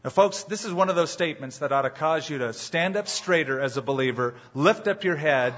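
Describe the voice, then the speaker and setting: Pastor preaching: emphatic man, slightly husky voice, muffled live church recording. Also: fairly high pitch, a little fast, fairly bright tone. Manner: emphatic, rhetorical questions to the congregation. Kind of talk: sermon.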